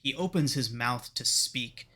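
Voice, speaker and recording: A man narrating as game master of a tabletop role-playing game, describing scenes in a measured way. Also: mid-range voice, pushed and bright.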